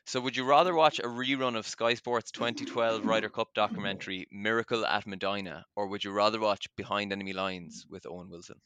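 Irish male podcast host, crisp and bright tone, easygoing and rambling with ums. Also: lowish voice, fairly even intonation, fairly quick, few pauses, no echo. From Ireland. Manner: chatty and self-deprecating, lots of ums. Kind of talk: casual podcast chat.

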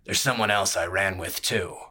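A man voicing a grim, tight-lipped male brawler who speaks in short, flat, quietly menacing lines. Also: deep voice, normal speed, husky, exaggerated voice. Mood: guarded.

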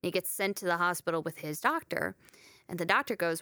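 A young woman tells stories on a casual podcast, laughing often as she goes. Her voice is bright and smooth. The sound is close and dry, with no room around it. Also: on the low side, a little fast, no echo. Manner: storytelling, laughing, animated. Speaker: podcast co-host. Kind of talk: casual chat.

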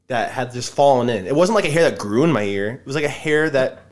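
A man's voice: mid-range voice, quick pace. A man telling a story in casual chat, acting out what people said, with a lot of swearing. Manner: animated, swears a lot, acts out quotes.

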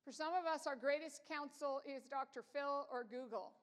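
A woman's voice: high voice, moderate pace. A woman preaching a sermon, earnest and emphatic, talking conversationally with fillers and restarts. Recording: long hall reverb.

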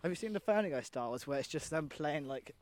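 A man's voice: a little high, lively intonation, quick pace, darkish tone. A young man co-hosting a podcast, rambling and swearing casually as he talks through scenes, often trailing off mid-sentence. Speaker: podcast co-host. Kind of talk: casual chat.

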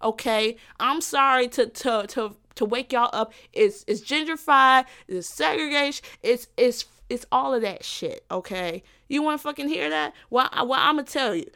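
A young woman with a high voice tears into her topic in a solo podcast rant. She is profane, exasperated and sarcastic, talking alone in a room. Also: normal speed, hardly any pauses, sharp tone, clear, resonant tone. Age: young adult. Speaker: podcast host.

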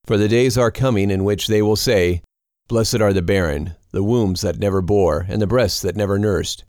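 A man's voice: fairly low pitch, darkish tone, no room sound, studio quality, lightly acted. A man reading a grave, solemn condemned teacher. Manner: solemn, measured speech. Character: calm, grave male teacher condemned to die. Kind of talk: scripted scripture reading.

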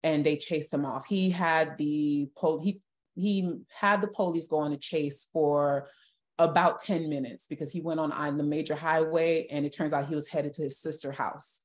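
A woman's voice: sits low, steady tone, moderate pace. A young adult woman giving a personal testimony as a guest on an interview podcast, earnest and emotional, with many restarts.

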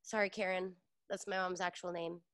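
A woman's voice: fairly low pitch, flat delivery, moderate pace, a bit bright, no room sound. A woman co-hosting a podcast in casual chat, gushing and swearing freely. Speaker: podcast co-host.

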